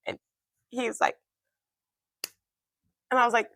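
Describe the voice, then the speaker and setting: A woman in her twenties co-hosting a podcast, telling stories in a loud, boisterous way with lots of swearing and laughter. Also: on the high side, normal speed, long pauses, no echo. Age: 20s. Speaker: podcast co-host. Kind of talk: casual chat.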